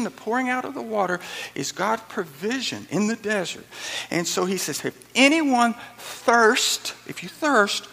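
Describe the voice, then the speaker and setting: A man preaching a sermon as a pastor, lively and animated, repeating phrases for emphasis and acting out quotes, in what sounds like a church sanctuary. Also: sits high, gravelly, slightly rough. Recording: echoey hall with long reverb.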